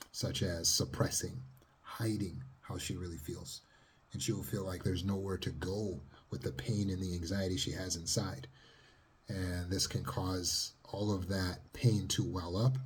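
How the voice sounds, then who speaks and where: Deep, very husky calm man. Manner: calm, steady, sometimes dropping to a near whisper. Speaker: trauma healing coach. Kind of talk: teaching monologue.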